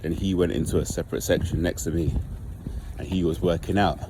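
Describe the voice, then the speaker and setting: A man with a low, deep voice talks straight to his viewers in a loose, rambling vlog. He leans on "like" as he works through what happened. Steady traffic noise carries behind him. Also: fairly quick. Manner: rambling, informal, heavy use of "like". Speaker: vlogger. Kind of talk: casual storytelling monologue.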